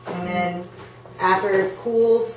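A woman's voice: fairly low pitch, fairly even intonation, a little slow, noisy background. A woman casually explaining cooking steps in a practical, matter-of-fact way. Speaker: home cook explaining the recipe. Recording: very echoey, distant from the mic.

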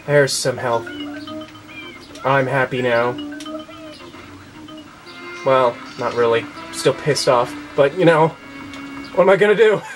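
A man's voice: mid-range voice, poor audio. A young man commenting on a video game as he plays, frustrated and swearing, with game music behind him. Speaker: let's play gamer.

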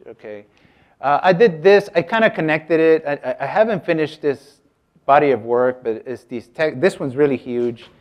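Over dull audio, a man from the United States with a slightly high voice talks at normal speed in an informal artist talk. He's chatty and self-interrupting, often stopping mid-sentence to ask the audience questions.

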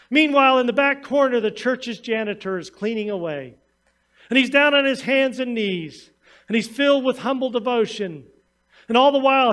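A man's voice: very high voice, fairly bright tone. A man pastor preaching a sermon, reading scripture and then telling stories to his congregation. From United States. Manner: storytelling sermon, reads scripture then tells anecdotes.

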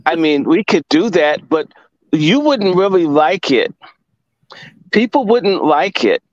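A man's voice: fairly high pitch, very animated, takes it slowly, dry recording, dull audio. A man from Washington, D.C., a guest commentator lecturing in emphatic, profane casual talk.

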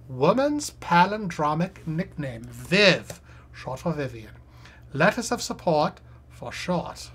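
Husky low-voiced woman muttering crossword clues. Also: big pitch swings, slow. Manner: reads clues aloud and mutters guesses. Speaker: live streamer. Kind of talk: thinking aloud while solving a crossword.

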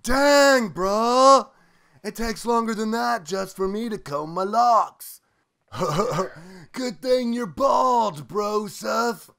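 A man's voice: high voice, lively intonation, slow pace, vocal fry, a bit bright, pitched above the performer's own voice, exaggerated voice. A man voicing a mocking young bro who heckles with slangy jabs. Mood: teasing.

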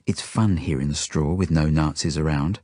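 A man reading a children's novel aloud in the first person, expressive and sometimes dropping to hushed tones. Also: extremely low pitch, normal speed, husky, no echo, studio quality. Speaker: audiobook reader. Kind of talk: first-person storybook narration.

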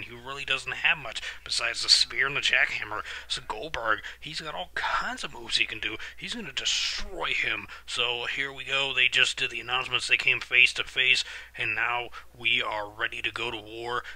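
A man hosting a reaction channel, giving excitable live commentary on a wrestling match and swearing when outraged. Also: medium pitch, dry recording.

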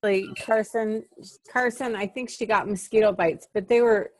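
A woman's voice: medium pitch, normal speed, no room sound. A woman in a casual group sharing a personal story, chatty with frequent "like". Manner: lively storyteller, fillers like "like". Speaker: class participant. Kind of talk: casual anecdote.

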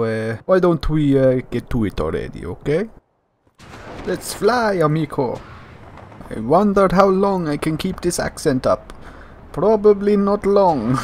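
A man's voice: a little mellow, a little hiss or hum. A man doing a boastful action hero with a fake accent. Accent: put-on, faltering foreign accent. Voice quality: boastful, hammy, drops to low mutters for asides. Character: cocky male action hero with a put-on Latin accent. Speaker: gaming YouTuber. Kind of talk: comedic gameplay commentary in character.

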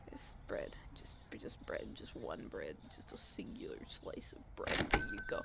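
A woman's voice: a little high, huge pitch swings, unhurried, gravelly, muffled recording, noisy background. A young woman giving casual gameplay commentary, sarcastic and exasperated, griping at customers and dropping into mutters. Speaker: gaming YouTuber.

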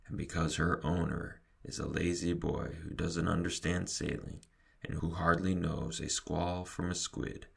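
A man voicing a fussy grown man who owns a model schooner, indignant and bellowing, in a deep gravelly voice. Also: steady tone, unhurried, fairly bright tone, exaggerated voice. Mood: grumbling.

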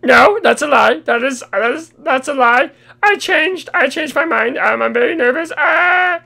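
A nervous, awkward creature named Spikes, squeaked out by a performer, stammering as he backpedals. The voice is very high, bright and gravelly, and sounds a little set back from the mic. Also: animated, unhurried, heavily acted. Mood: flustered. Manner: flustered, stammering denials.

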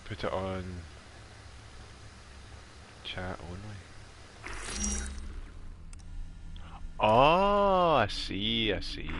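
A man's voice: lowish voice, big pitch swings, very slow, long pauses, background noise. A man live-streaming a game, chatty and joking, laughing often as he talks to his viewers. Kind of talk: casual live-stream chat.

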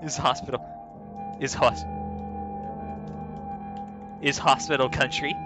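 In a slow, mid-range voice with fairly level intonation, a man plays through a text adventure, reading the story out loud. He laughs and curses at it in relaxed let's play style while clear music runs underneath.

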